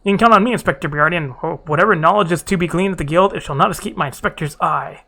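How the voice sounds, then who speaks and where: A man voicing a pompous, bumbling gentleman detective with grandiloquent, theatrical speech. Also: on the high side, fast. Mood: eager.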